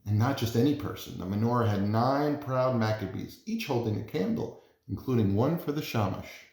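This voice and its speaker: A man, a parent, reading a children's storybook aloud in an expressive, animated way. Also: mid-range voice. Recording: roomy echo.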